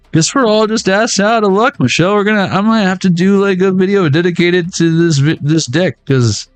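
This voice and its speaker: A man's voice: high-pitched, normal speed, dry recording, faint music behind. Playful slangy man reading tarot. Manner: playful and jokey, slangy banter. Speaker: tarot reader. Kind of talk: casual pick-a-deck tarot reading.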